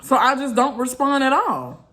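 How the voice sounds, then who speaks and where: A woman's voice: sits high, animated, normal speed, a bit bright. A woman vlogger, venting bluntly and repeating herself in an exasperated rant to her viewers.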